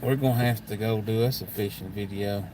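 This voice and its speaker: A man's voice: on the low side, fairly even intonation, fairly quick, background noise. A man with a Kentucky accent hosting a casual livestream chat, rambling in a folksy, plainspoken way. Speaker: livestream host.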